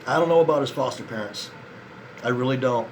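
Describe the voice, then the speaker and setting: Talking to the camera for an audience of men, this tired vlogger rambles in frustration, jumps from thought to thought and curses often. His voice sits in the mid-range and runs a little fast, with a slight hiss or hum on the recording; he comes across as disappointed, resigned and worn out.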